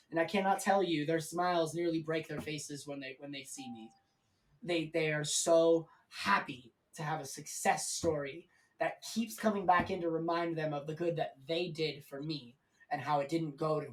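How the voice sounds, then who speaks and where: A man's voice: on the high side, fairly even intonation, normal speed, far from the mic, rough recording. Candid, rambling man, off-mic. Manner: candid and rambling, with frequent swearing. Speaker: stream guest. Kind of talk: casual live-stream interview storytelling.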